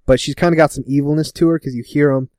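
Guy retelling a tv episode, kinda high voice, laughs a lot, dry close sound. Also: no room sound. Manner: animated, laughing, quick voices for quoted characters. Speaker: podcast co-host. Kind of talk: casual chat recapping a TV episode.

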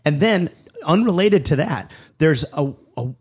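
A middle-aged man telling a comic story in conversation, animated and acting out the people in it. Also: fairly high pitch, a little slow, husky. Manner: animated, acts out characters, many restarts. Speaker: comedian, storyteller.

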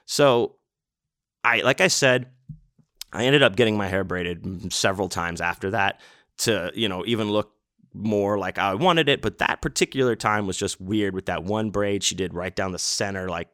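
A man's voice: on the low side, moderate pace, fairly bright tone, no room sound, clean studio sound. A man hosting his podcast, telling a rambling story casually with lots of fillers and swearing. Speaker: podcast host. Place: home setup in a city apartment.

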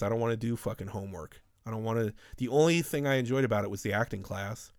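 A man's voice: mid-range voice, fast, hardly any pauses, dry recording, studio quality. A man in his thirties telling rambling, profane stories in a casual podcast chat.

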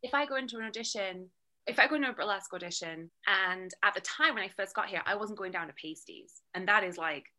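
A young woman with a British accent talks casually and with energy about her work. Her voice is bright and forceful, and she slips into quick impressions of the people she quotes. She swears now and then without slowing down. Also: medium pitch. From Britain. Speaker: guest, burlesque performer and actor. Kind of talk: casual interview chat.

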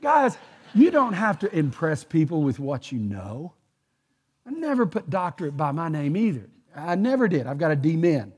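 A man's voice: on the high side, very animated, normal speed, husky. An older man from Texas with a Texan accent preaching a sermon in a church, folksy and joking, repeating his points for emphasis. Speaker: pastor. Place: church sanctuary.

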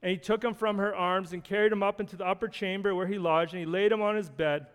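A man's voice: high-pitched, steady tone, fast, clean tone, long reverb tail. A man preaching a sermon in an earnest, conversational way, often restarting phrases as he reads and explains scripture. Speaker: pastor.

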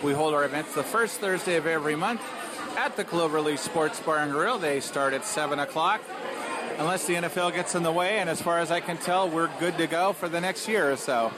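A man's voice: fairly high pitch, fairly quick. A man hosting a storytelling night, giving plain, informative closing announcements in a bar. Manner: plain, informative, a few restarts. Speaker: event host. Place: bar venue with a crowd. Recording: live room with crowd noise.

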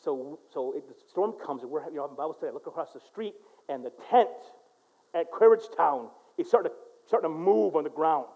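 A man preaching a sermon in a casual, animated storytelling way, dropping to a hush and then rising to loud bursts. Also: on the high side, brisk, slightly rough, phone-quality sound. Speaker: pastor. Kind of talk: sermon with personal stories.

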